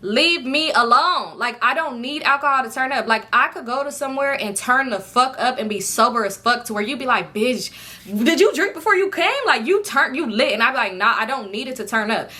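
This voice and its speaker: A woman's voice: on the high side, a little fast, few pauses. A young woman, casually telling a storytime to her viewers and acting out her friends' lines. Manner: animated, acts out friends' lines with profanity. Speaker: storytime vlogger.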